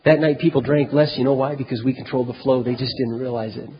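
A man preaching, telling a personal story in a lively, conversational way that swings from loud to very quiet. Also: mid-range voice, quick pace, slight background noise. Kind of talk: sermon storytelling. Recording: dull echoey hall recording.

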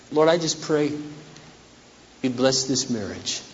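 A man preaching a sermon as pastor, dramatic and humorous, acting out scenes, his voice going hoarse. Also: mid-range voice, animated, takes it slowly, pauses often, a little hiss or hum. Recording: echoey hall on dull lo-fi recording.

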